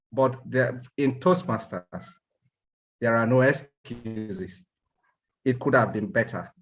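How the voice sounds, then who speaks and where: A man's voice: mid-range voice, a bit bright, highs cut off. A man firmly evaluating a speaking club meeting, insisting there are no excuses for lateness. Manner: firm, admonishing.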